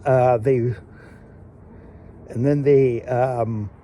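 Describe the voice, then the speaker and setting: Male host, casual solo review, mellow tone, rambling with lots of restarts, faint background noise. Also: mid-range voice, steady tone, very slow. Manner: rambling, many fillers and restarts, laughs while retelling. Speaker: show host reviewing an anime episode.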